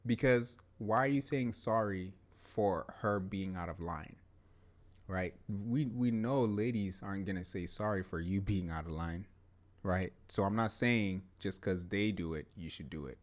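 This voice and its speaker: A man with a fairly low voice co-hosts a casual podcast. He talks in an animated, emphatic way, pushing his points and laughing often. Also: normal speed. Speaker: podcast co-host. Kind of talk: casual chat.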